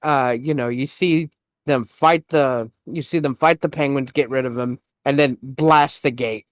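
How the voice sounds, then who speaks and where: Young dude on a podcast hyping up a trailer, swears a lot, dead dry close mic. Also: male voice, mid-range voice, a little slow, no echo. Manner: excited retelling with swearing and quoted reactions. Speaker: podcast co-host. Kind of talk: casual chat.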